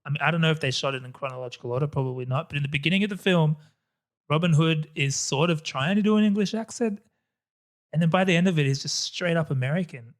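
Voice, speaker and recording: Animated, opinionated podcast guest, a man. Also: a little high. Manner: animated, quick to laugh, opinionated. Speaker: podcast guest, co-host of another podcast. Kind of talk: casual film chat.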